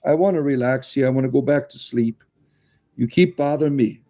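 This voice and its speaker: A man's voice: medium pitch, fairly quick, warm tone, lightly acted. A man voicing his sleepy pet rabbit, male, mildly put-upon and wanting to be left alone. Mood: grumpy.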